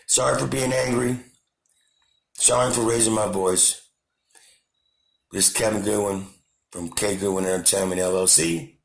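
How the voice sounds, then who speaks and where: A man's voice: on the low side, moderate pace, gravelly, long pauses, roomy sound. A man hosting his own channel, delivering an impassioned, repetitive political rant to camera. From United States. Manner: impassioned, repetitive, shouting at times. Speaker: channel host.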